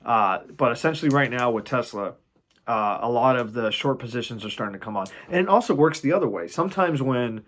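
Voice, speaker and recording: A man casually explaining stock shorting, animated, swearing freely and acting out panicked traders. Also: mid-range voice, fairly quick. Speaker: investing video host.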